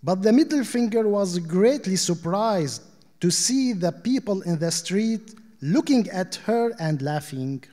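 A man reading short fables aloud at a literary panel in a measured, deliberate way. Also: high voice, lively intonation, mellow. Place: arts center auditorium. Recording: long hall reverb.

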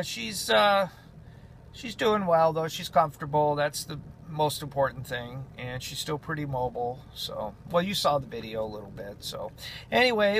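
A man vlogging in a casual, rambling way, full of fillers, sometimes talking softly to his dog. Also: fairly high pitch, gravelly, slight background noise. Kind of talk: casual chat to camera.

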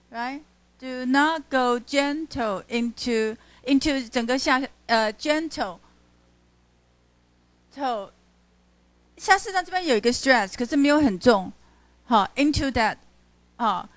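Higher-voiced woman lecturing on poetry. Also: no echo. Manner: explains and reads lines aloud to show stresses, checks with students. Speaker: literature professor. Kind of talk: classroom lecture mixing English and Mandarin. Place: university classroom.

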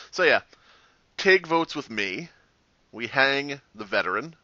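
A man hosting a gaming channel, talking over his own play with sarcastic asides and a lot of swearing. His voice is bright and leaps around in pitch. The sound is close and dry, with a slightly dull, muffled top end. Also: a little slow, no echo. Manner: sarcastic, swearing, animated reactions. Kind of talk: gameplay commentary.

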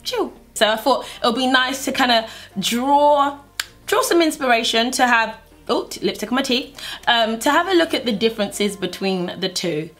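A woman's voice: on the high side, expressive, normal speed, a bit bright. A young woman chatting in a bubbly, playful way as she walks through a makeup tutorial for her channel. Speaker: beauty vlogger. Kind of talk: casual makeup tutorial chat.

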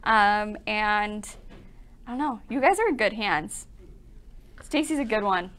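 Young woman gushing on a shop live video, laughs a lot, smooth clear voice. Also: medium pitch, expressive, a little slow, fairly bright tone. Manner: bubbly, gushing, laughs often. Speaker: quilt shop co-host. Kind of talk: casual livestream chat.

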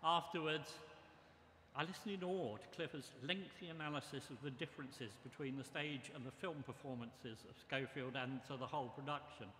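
Older guy, bright sharp voice, slow measured memorial speech, big echoey hall. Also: mid-range voice, a little hiss or hum. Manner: measured, reminiscing delivery. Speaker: memorial speaker. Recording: echoey hall with long reverb.

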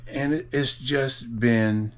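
A man's voice: medium pitch, fairly even intonation, takes it slowly. A man, chatting casually and laughing easily as an RV travel vlogger. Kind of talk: casual chat to camera.

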